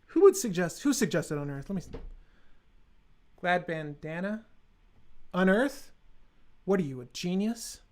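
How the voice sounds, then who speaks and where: High-voiced man joking with stream chat. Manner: joking, sarcastic, talks to chat. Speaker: live stream host. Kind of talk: casual live stream deck building.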